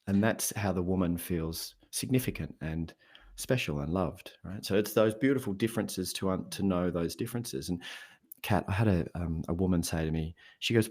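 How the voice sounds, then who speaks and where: A man's voice: deep voice, moderate pace. A man speaking as a guest on a podcast in casual conversation, telling stories and acting out what people say. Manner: animated storyteller, acts out quoted voices. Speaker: podcast guest, habits coach.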